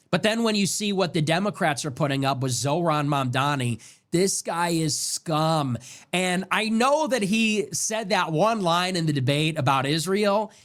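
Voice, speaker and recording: A man with a high voice hosts a talk show and rants in a heated, sarcastic monologue. He swears freely, and his pitch leaps up sharply whenever he gets agitated. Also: fairly bright tone. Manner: ranting, profane and sarcastic. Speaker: political talk show host. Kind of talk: heated political commentary monologue.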